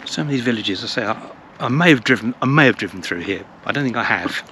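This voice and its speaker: A man's voice: medium pitch, animated, quick pace, bright, forceful tone. A man narrating a casual walking vlog through a village, chatty and rambling, repeating his words. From England. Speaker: travel vlogger. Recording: outdoor recording with clear traffic noise.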